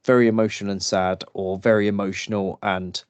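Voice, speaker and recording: A man co-hosting a casual podcast, telling stories slowly and laughing often. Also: fairly low pitch, level tone, clear, resonant tone, no room sound. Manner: slow, laughing storytelling with acted drunk voices. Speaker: podcast co-host. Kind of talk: casual chat.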